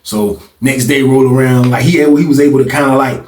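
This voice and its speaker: Man, casual storytelling, quick pace, distant mic, echoey room. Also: a little hiss or hum. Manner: animated, acts out other people's voices with big pitch jumps.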